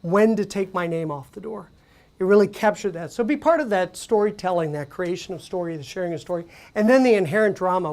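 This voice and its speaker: A woman presenting at a conference, speaking conversationally with animated storytelling and frequent fillers. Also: lowish voice. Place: conference venue.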